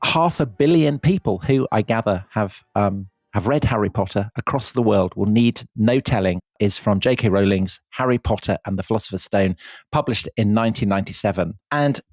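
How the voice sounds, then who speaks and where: A man's voice: on the low side, normal speed, no echo. A man co-hosting a podcast in casual chat, setting up questions for his guest in an inquisitive way. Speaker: podcast co-host.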